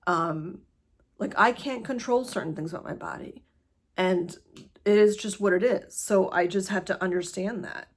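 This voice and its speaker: A woman chats to camera in a loose, rambling way, stopping often for fillers and small laughs. Her voice sits at a middle pitch with a husky edge, and she talks in a rush as though short on time. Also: normal speed. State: hurried. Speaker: vlogger sharing her cancer journey. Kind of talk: casual chat to camera.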